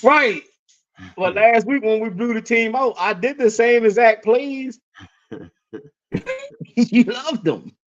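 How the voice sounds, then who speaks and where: A man's voice: very high-pitched, slow pace, pauses often. A man co-hosting a podcast in casual chat, telling stories with lots of swearing and laughter. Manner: animated storytelling, swearing, laughing often. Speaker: podcast co-host. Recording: dull lo-fi sound.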